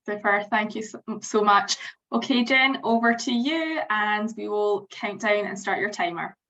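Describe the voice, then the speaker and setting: A woman's voice: medium pitch, fairly even intonation, unhurried, fairly bright tone, distant mic, lo-fi sound, slight background noise. A woman hosting an online event over a video call, upbeat and encouraging. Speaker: event host.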